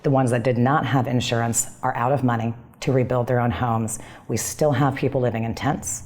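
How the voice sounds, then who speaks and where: A woman with an extremely deep voice speaks as an aid worker in an interview. Her tone is earnest and matter-of-fact. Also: steady tone, brisk, a little mellow.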